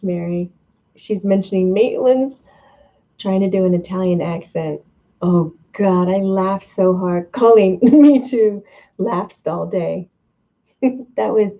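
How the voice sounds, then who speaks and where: A woman's voice: medium pitch, mellow, dull audio. A woman hosting a live stream, chatting casually, reading viewer comments aloud and laughing often.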